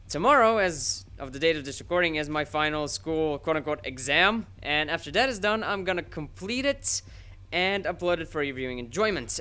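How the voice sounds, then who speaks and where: Young male gaming host, rambling, sweary, bright tone. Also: a little high, clean tone. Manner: excitable, rambling, sweary, self-mocking. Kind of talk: live gameplay commentary.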